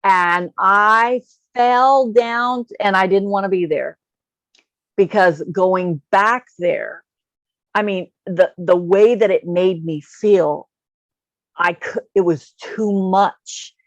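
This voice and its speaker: A woman's voice: medium pitch, slow, dry recording. A woman telling a personal story in a casual chat, emotional and laughing often as she talks. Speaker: guest.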